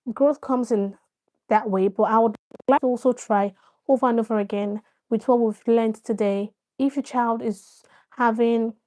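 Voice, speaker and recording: A woman's voice: a little high, warm tone. A woman hosting a casual live stream, addressing her viewers directly, coaxing them to respond and often repeating herself.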